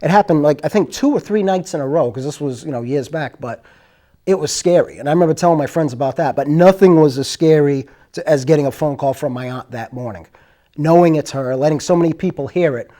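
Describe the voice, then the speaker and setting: A man with a slightly high voice talks through his stories casually. He rambles and circles back, but he stays earnest throughout. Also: fairly quick, warm tone. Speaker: host. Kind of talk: casual storytelling.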